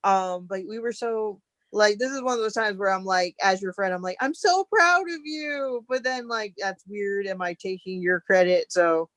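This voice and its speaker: A woman's voice: mid-range voice, moderate pace, no room sound. A woman co-hosting a casual theater chat show, gushing and rambling with frequent laughter. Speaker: podcast co-host.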